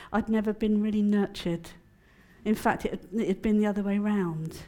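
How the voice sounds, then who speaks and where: A woman speaking at a prayer conference, mixing personal testimony with teaching in a chatty, expressive way and laughing often. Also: on the high side.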